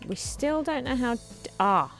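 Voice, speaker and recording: A woman hosting a let's play, chatting casually and thinking aloud as she builds, her voice slightly hoarse. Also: a little high, animated, normal speed, fairly bright tone, faint music behind. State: slightly hoarse, clearing throat. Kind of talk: casual gameplay commentary.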